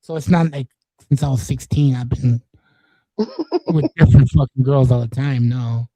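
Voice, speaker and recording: A man's voice: mid-range voice, normal speed, dark tone, no echo, rough recording. A man in his forties from East Los Angeles, telling stories in casual streamer chat, rambling and swearing, with many restarts.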